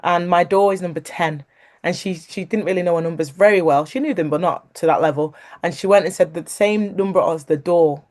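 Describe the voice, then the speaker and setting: A woman's voice: on the low side, brisk. A woman, a guest sharing a personal faith story, who talks animatedly, laughs along the way and acts out what others said. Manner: animated, acts out quoted voices; laughs while talking.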